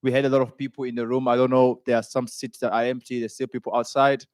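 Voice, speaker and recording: A man's voice: medium pitch, little pitch movement, quick pace, darkish tone, no echo. A man hosting a youth summit as master of ceremonies, chatty and joking as he introduces a panel and stumbles over guests' names. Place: conference hall.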